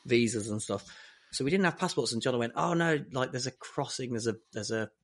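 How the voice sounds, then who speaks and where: Guy telling a story on a chat podcast, acts out everyone's lines, mid pitch. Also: a little fast. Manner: animated storyteller who acts out other people's lines.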